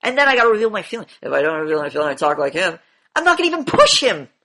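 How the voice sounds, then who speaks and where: A woman's voice: fairly high pitch, big pitch swings, rapid-fire, fairly bright tone. A woman teaching an acting class, blunt and demanding, swearing freely as she questions her students.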